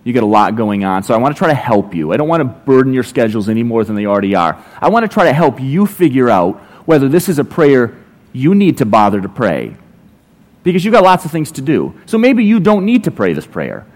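A man's voice: mid-range voice, big pitch swings, fairly quick, a little mellow. A man preaching a sermon as a pastor, telling everyday stories with dry, playful sarcasm. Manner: conversational, ironic storytelling with playful sarcasm.

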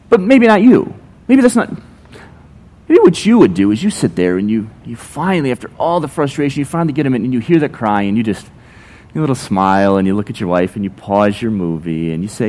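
A man's voice: mid-range voice, sing-song, brisk, warm tone. A man preaching a sermon as a pastor, telling everyday stories with dry, playful sarcasm. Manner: conversational, ironic storytelling with playful sarcasm.

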